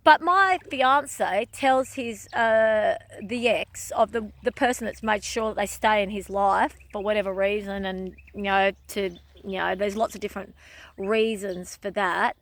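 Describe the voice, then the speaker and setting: A woman's voice: mid-range voice, unhurried, a bit bright. A woman vlogger in an emotional personal monologue, speaking emphatically and repeating phrases over and over.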